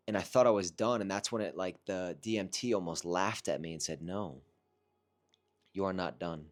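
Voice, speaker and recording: Man, low-pitched, earnest and reflective, casual first-person storytelling with halting restarts. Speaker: vlogger recounting a personal experience.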